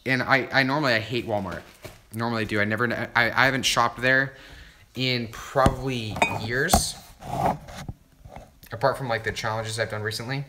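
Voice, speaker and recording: A young man chatting on a livestream while unboxing gifts, hyped and swearing, bursting into loud exclamations. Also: mid-range voice, steady tone, normal speed, pauses often, echoey room, very noisy. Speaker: YouTube creator livestreaming an unboxing. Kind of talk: excited livestream unboxing chat.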